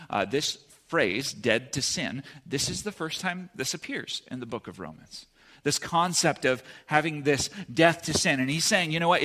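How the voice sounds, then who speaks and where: A young man preaching a sermon in a casual, conversational way, often checking in with his listeners with a quick "right?". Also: on the high side, very animated, sharp tone.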